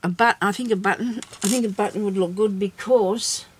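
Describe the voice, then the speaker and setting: A woman hosting a casual craft tutorial, chatting and thinking aloud as she works, with soft laughs to herself. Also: mid-range voice, steady tone, brisk, slight background noise. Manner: rambling, chatty, thinks aloud while working.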